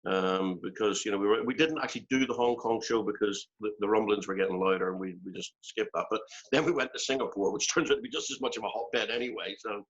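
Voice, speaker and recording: A man's voice: on the low side, quick pace, few pauses, fairly bright tone. An older man with a Northern Irish accent, rambling and self-deprecating as he chats and laughs in a video-call interview. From Northern Ireland. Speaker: guest musician. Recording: dull lo-fi call audio.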